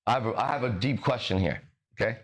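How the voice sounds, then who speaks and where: Quick-paced and mid-pitched, this male podcast host delivers a motivational conversation with preachy emphasis. Swear words come freely, and he fumbles his phrasing as thoughts arrive, though the tone stays casual.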